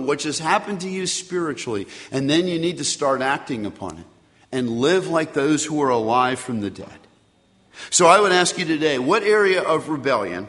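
Male pastor, slightly high voice, emphatic preaching in a church with long reverb. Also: fairly bright tone. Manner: emphatic preaching, reads scripture aloud, ends in prayer. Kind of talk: sermon.

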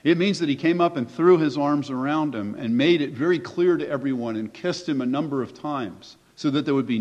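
A man delivers a sermon as pastor in a relaxed, conversational way that turns emphatic on key phrases and leans on rhetorical questions. His mid-pitched voice rings through a hall with long reverb. The recording sounds muffled and lo-fi. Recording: echoey hall, dull lo-fi sound.

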